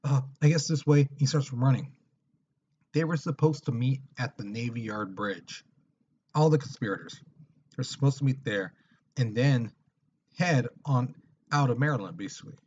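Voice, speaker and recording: A man's voice: medium pitch, moderate pace, long pauses, darkish tone, a little hiss or hum. A man teaching history in a casual lecture, telling the story in a chatty way and acting out scenes, on a dull lo-fi recording.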